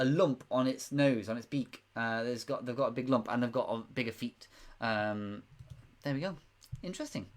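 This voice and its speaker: A man hosting a casual live quiz stream, chatty and rambling, often laughing. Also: medium pitch. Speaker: quiz host.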